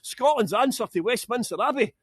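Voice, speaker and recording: Scottish man, tour guide, joking and chatty, fairly high voice, dry sound, outdoors in a graveyard. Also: expressive, fairly quick, slightly rough, dry recording. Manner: chatty and joking, laughs often. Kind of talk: live walking tour commentary.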